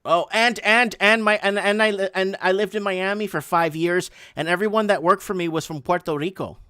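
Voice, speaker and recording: Fast-talking man on a dry mic. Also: high voice, steady tone, bright, forceful tone, clean tone, dry recording. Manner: quick, matter-of-fact, stumbles over restarts. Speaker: podcast host. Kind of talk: casual chat.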